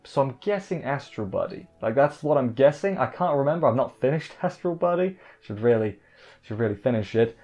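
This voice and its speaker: A man's voice: mid-range voice, lively intonation, a little mellow, soft background music. A man casually recapping an anime episode, rambling with frequent restarts and asides. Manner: rambling, self-interrupting, quick asides. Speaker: anime reviewer.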